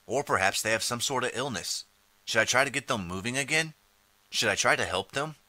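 A man's voice: medium pitch, expressive, a little fast, bright, forceful tone, no echo, voice pushed up. A man reading a nervous young time traveler. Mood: musing. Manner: hesitant, musing to himself. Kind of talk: audiobook character reading.

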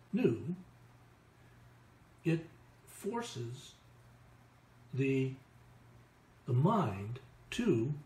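A man channeling a message from spirit guides, dragging out each word with long pauses between them. His pitch swings up and down widely as he goes. The room around him sounds roomy and echoey. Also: darkish tone. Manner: halting, drawn-out words with long pauses. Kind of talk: slow deliberate channeled message.

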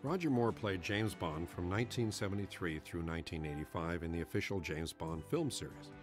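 A man presenting an archive clip, measured and formal. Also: low voice, over music. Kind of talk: scripted introduction.

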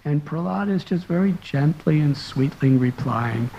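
A man's voice: fairly high pitch, expressive, measured pace, vocal fry, few pauses, warm tone. Man, sermon storytelling, earnest and dramatic, dull lo-fi sound, faint background hum. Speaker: monk and spiritual teacher.

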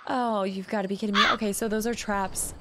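A woman streamer giving let's-play commentary, excitable and repeating words fast when she panics. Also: medium pitch, very noisy. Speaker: video game streamer. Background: loud game music.

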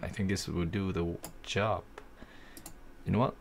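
A young man walks through a software tutorial in an easygoing, thinking-aloud way. His voice sits low and carries a gravelly edge. He takes his time over every step. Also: steady tone, measured pace, a little hiss or hum. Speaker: tutorial host. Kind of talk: casual screen-recorded software tutorial.

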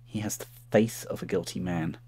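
A man's voice: low-pitched, normal speed, mellow, breathy edge. A man casually commenting while playing an adventure game at his desk, muttering offhand asides. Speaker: let's play host.

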